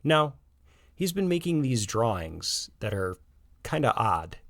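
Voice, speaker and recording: A man's voice: medium pitch, sing-song, slow pace, gravelly, no room sound, studio quality, pitched above the performer's own voice, exaggerated voice. A man voicing a cheerful, teasing suburban father who works in animation. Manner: playful, teasing.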